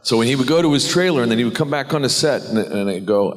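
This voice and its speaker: A man's voice: medium pitch, expressive, quick pace, long reverb tail, faint music behind. A man, an actor on a convention panel, telling a rambling, self-deprecating anecdote and laughing often. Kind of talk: anecdote storytelling.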